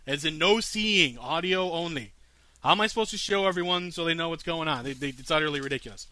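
A man's voice: a little high, fast, sharp tone, no room sound. A man hosting a comic radio show, answering listener questions in a boastful, sarcastic and crude way.

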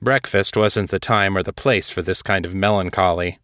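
A man hosting a podcast, narrating a story and giving updates in a measured, matter-of-fact way. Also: low-pitched, bright, forceful tone, no room sound, clean studio sound. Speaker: podcast host and author.

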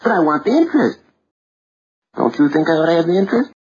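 A man's voice: a little high, big pitch swings, fast talker, darkish tone, slightly rough, heavily acted. An insistent scheming teenage boy. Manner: wheedling, insistent, talks in long elaborate phrases. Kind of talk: 1940s radio acting. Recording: dull lo-fi old radio recording with faint hiss.

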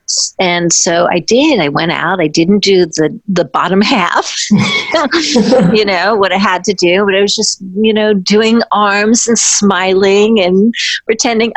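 A woman, a former ballet dancer, telling a personal anecdote in a halting way, restarting sentences and briefly acting out the people she quotes. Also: medium pitch, no echo. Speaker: former ballet dancer recounting her career.

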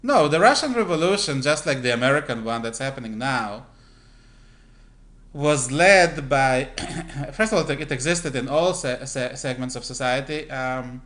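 Deliberate, halting male commentator. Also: mid-range voice, lively intonation, fairly bright tone. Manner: deliberate, halting, with frequent fillers and throat-clearing. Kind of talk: political commentary monologue.

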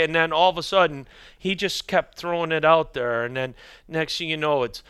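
A man's voice: on the high side, fairly even intonation, normal speed, a bit bright, smooth, no echo, studio quality. A middle-aged man, a hockey equipment manager, telling rambling stories as a podcast guest and dropping his voice to quote other people. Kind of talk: casual storytelling chat.

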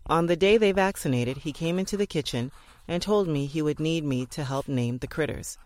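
An audiobook narrator reading old letters aloud in a measured, even storytelling delivery. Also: medium pitch.

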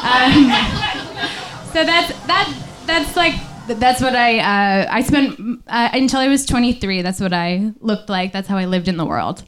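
A woman telling a personal story on stage at a small live venue, speaking candidly and haltingly, with many fillers, into a stage microphone. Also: on the high side, animated, a bit bright.

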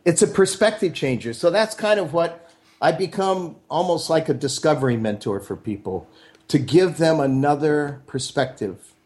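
A man's voice: fairly high pitch, lively intonation, moderate pace, a little mellow. A middle-aged man, a mentor and interview guest, telling upbeat stories and acting out the voices of the people he quotes. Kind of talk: storytelling conversation.

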